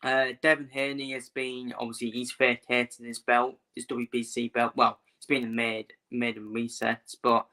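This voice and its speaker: Male streamer, casual repetitive delivery, bright tone, narrow pitch. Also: flat delivery, moderate pace, few pauses. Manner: repeats himself, fillers, talks to viewers. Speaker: boxing vlogger. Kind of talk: casual live-stream commentary.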